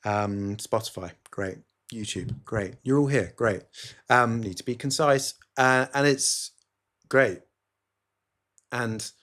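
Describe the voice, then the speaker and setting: A man talks alone into a phone camera for his podcast, drifting from dry sarcasm into earnest asides. His voice sits at an everyday middle pitch, and he keeps stopping to correct himself before pressing on. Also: a bit bright. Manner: sarcastic, rambling, self-interrupting. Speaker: podcast host. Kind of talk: solo podcast monologue.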